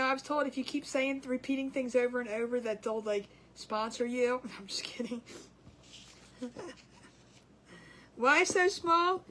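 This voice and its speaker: A woman's voice: high voice, slight background noise. A woman hosting a casual craft livestream, chatty and giggly, rambling with restarts as she works.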